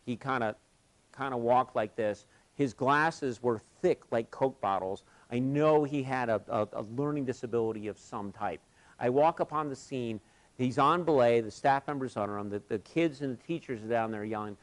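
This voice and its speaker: A man leading a live workshop, telling stories in an animated way and acting out what people said. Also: medium pitch, normal speed. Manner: animated, acts out quoted voices. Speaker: workshop facilitator. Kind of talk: storytelling at a workshop. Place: conference session, recorded live.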